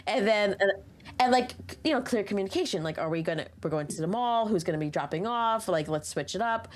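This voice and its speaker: Giggly self-deprecating mom host. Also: female voice, medium pitch, animated, fast talker. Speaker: podcast host. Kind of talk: casual podcast chat.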